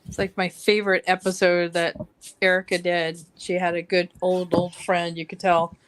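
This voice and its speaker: A woman chatting casually with a fellow artist on a live stream, telling stories with quick giggly asides. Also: lowish voice, flat delivery. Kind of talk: casual chat.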